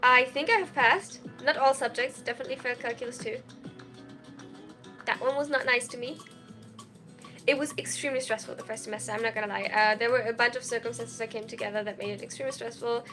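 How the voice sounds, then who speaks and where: A young woman chatting casually on a live stream, reading and answering chat messages in an excitable, tired way from a small dorm room. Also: a little high, fast, over music. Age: young adult. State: sleep-deprived, tired.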